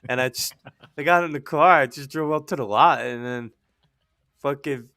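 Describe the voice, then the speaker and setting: A man's voice: mid-range voice, moderate pace, no echo, clean studio sound. A man co-hosting a podcast in casual chat, telling stories with profanity, acting out what people said and laughing often. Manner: animated, profane, acts out quotes, laughs often. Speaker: podcast co-host.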